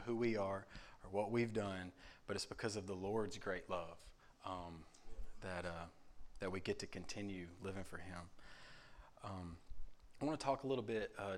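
A young man gives a casual spoken devotion in a fairly low voice. He talks haltingly, full of ums and restarts, and slips into quick acted-out exchanges with people he works with. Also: slight background noise. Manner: halting, lots of ums and repeated words; acts out conversations with coworkers. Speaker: church speaker giving a devotion.

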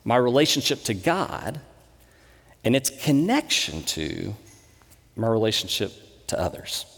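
A man in his thirties, a pastor, giving a sermon with conversational, animated storytelling. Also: mid-range voice, unhurried, vocal fry, slightly rough. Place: church sanctuary. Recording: long reverb in a church hall.

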